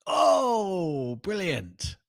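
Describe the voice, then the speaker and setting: Man, podcast co-host, playful, animated pitch, dry close sound. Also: drawn-out words, gravelly, no room sound. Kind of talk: casual chat.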